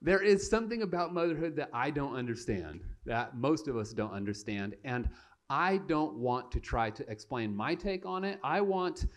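A young male pastor tells a comic story from the pulpit, mugging through the voices of his characters. His pitch jumps high and shouts on the big moments, then drops back to a relaxed conversational tone. He talks into a stage mic in a church sanctuary. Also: moderate pace. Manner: animated and self-mocking, acting out voices for laughs. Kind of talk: storytelling sermon.

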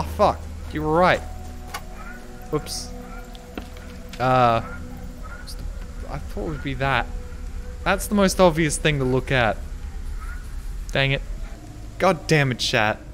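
A man streaming a game, swearing and shouting at his chat while he plays. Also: mid-range voice, slow, long pauses, slight background noise. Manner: excitable, swears a lot, yells at chat. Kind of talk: live gameplay commentary.

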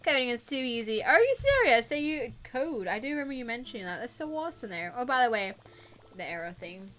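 With slight background noise, a young woman co-hosting a gaming livestream chats casually, giggling and calling out viewers by name. Her voice sits on the high side, very animated, fairly quick and a bit bright.

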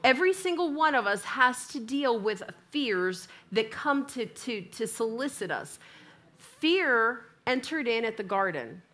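A woman's fairly high voice carries an unhurried sermon in church. She narrates a humorous personal tale, animatedly acting out each side of the dialogue.

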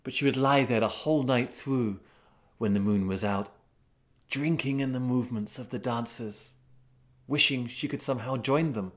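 A man telling a folk tale as a storyteller, unhurried and dramatic, with sudden swells of excitement. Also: mid-range voice. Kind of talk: storytelling narration.

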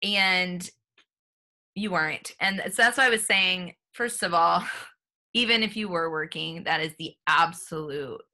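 Woman podcast host, slow and lowish, supportive, many ums. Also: pushed and bright. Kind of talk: casual interview chat.

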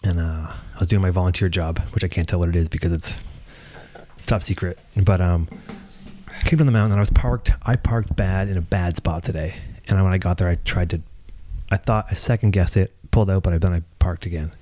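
A man's voice: deep voice, steady tone, fairly quick, mellow, slight background noise. A man hosting a casual podcast chat, rambling through a story with lots of restarts and casual swearing. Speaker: podcast host.

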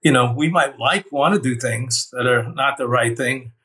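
A man's voice: medium pitch, normal speed, bright, forceful tone, far from the mic, rough recording. A man giving an earnest, heartfelt personal testimony, telling his own experience with many "you know"s. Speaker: near-death experience survivor.

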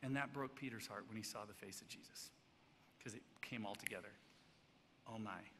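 A man preaching a sermon as pastor, swinging between loud emphatic stretches and hushed, soft passages. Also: on the low side, a little fast. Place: church sanctuary. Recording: church hall reverb, faint background noise.

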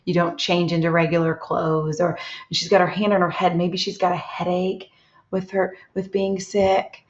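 A woman teaching a reading lesson to young children, reading aloud slowly and gently and stopping to ask them questions. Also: lowish voice, level tone. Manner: slow, gentle, asks children questions and pauses. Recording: echoey, dull lo-fi room sound.

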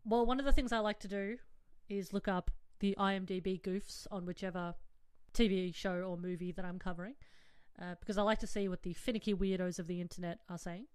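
A woman's voice: medium pitch, steady tone, a little fast, darkish tone, smooth, no echo. Giggly woman hosting a podcast. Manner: giggly, playful and chatty. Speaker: podcast host. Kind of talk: casual chat.

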